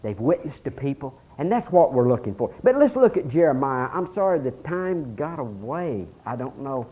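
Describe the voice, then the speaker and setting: A pastor preaching a sermon, telling folksy stories and reading scripture aloud with animation. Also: male voice, mid-range voice, sing-song, moderate pace, dark tone, husky, poor audio.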